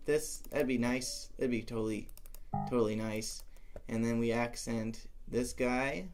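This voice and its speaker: A man's voice: medium pitch, gravelly. A young man thinking aloud as he composes music, musing and talking to himself with playful asides. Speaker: composition teacher.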